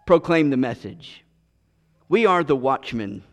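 A man's voice: a little high, lively intonation, takes it slowly. A man preaching a sermon as pastor, earnest, often repeating and restarting his words. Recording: long reverb of a large hall.

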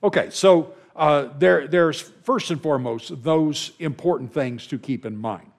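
A man's voice: fairly high pitch, measured pace, creaky. A man teaching a Bible lesson to a class, checking in with them and often repeating words as he restarts.

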